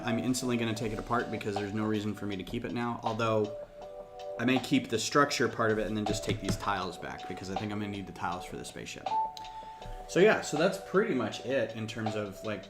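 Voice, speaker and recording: A man with a low voice hosts a casual livestream from home, rambling and thinking aloud as he builds. He sits a little back from his desk mic, and music plays clearly underneath. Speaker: host of a LEGO design livestream. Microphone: desk mic, a bit farther off than usual.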